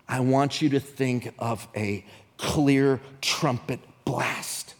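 A man preaching a sermon, swinging between shouted appeals and hushed, whispered prayers. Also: mid-range voice, steady tone, slow pace, long reverb tail.

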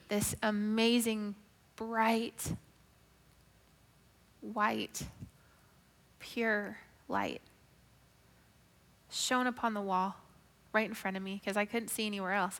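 Bright-voiced woman telling her testimony. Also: medium pitch, in a large hall. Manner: emotive storytelling, drops to a hushed whisper then rises loud. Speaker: speaker giving a faith testimony. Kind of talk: personal testimony.

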